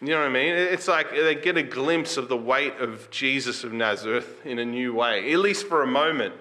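Guy giving a sermon, bright voice, chatty, keeps asking the room questions. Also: mid-range voice, normal speed. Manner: conversational, asks the listeners questions; reads scripture aloud with rising emphasis. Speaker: preacher.

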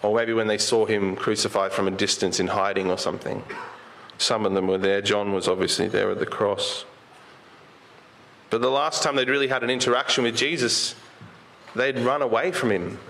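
A man preaching a sermon in a conversational way. He often asks rhetorical questions and slows down and rises when he quotes scripture. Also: on the low side, steady tone, fairly bright tone, a little hiss or hum. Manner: slows down and lifts his voice when quoting Jesus.

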